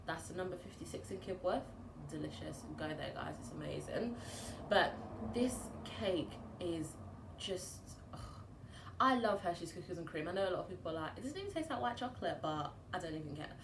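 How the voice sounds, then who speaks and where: A woman's voice: fairly low pitch, normal speed, creaky. British woman, home baker vlogging, chatty and bubbly, roomy echo, background noise. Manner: bubbly, chatty, laughs often. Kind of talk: casual vlog Q&A.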